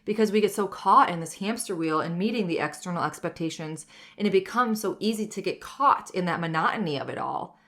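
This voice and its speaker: A woman's voice: lowish voice, expressive, brisk, fairly bright tone. A woman in her thirties hosting her own wellness podcast, talking candidly and reflectively, often saying "like" and "you know". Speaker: podcast host. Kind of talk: personal wellness podcast monologue.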